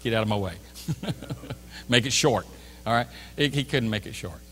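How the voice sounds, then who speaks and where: A man's voice: on the low side, normal speed, fairly bright tone, slight background noise. A man preaching a sermon as a pastor, telling a story animatedly and acting out both sides of a store exchange. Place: church sanctuary. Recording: church hall reverb.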